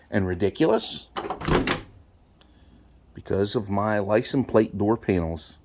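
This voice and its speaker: A man's voice: fairly low pitch, expressive, takes it slowly, pauses often, darkish tone, slight background noise. A man from the United States, ranting to his viewers in a heated, profane way from inside his truck. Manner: swearing, heated, punchy. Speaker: vlogger talking to his viewers. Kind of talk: profane angry rant.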